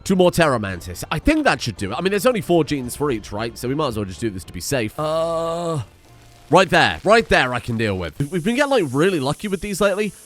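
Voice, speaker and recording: A young man giving excitable, chatty let's play commentary and swearing freely. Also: on the high side, quick pace, soft background music. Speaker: gaming streamer.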